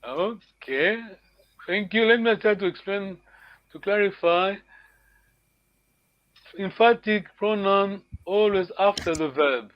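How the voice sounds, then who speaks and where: Encouraging high-voiced male teacher. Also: slow pace, long pauses, dull audio. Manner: encouraging, corrects students patiently. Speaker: language teacher. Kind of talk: online language class.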